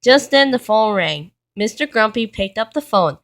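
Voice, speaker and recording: A woman reading a children's storybook aloud in a plain, steady way. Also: on the high side, moderate pace. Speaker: reader.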